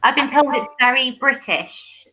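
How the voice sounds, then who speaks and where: Bubbly high-voiced woman hosting a livestream. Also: a little slow, muffled recording, a crowd in the background. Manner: excitable, reads chat aloud, laughs often. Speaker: livestream host. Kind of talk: casual live-stream chat. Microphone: video call.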